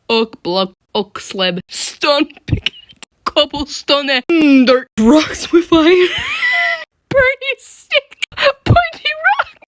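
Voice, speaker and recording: Woman, giggly reaction clip, high and swooping, slow. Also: sing-song, no room sound. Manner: reading words out, breaking into shrieking laughter. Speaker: TikTok creator. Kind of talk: casual reaction video.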